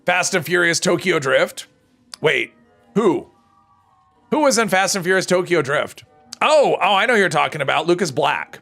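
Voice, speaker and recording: Gravelly-voiced man streaming a game. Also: high-pitched, expressive, moderate pace, a bit bright, faint music behind. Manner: chatty, reads and answers chat between game reactions. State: strained, tired voice. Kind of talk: casual live-stream chat while gaming.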